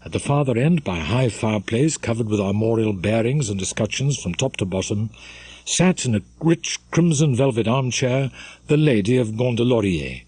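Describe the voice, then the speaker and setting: A man reading a classic novel aloud in scripted audiobook narration, measured and expressive. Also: fairly low pitch, slightly rough, dry recording. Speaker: audiobook reader.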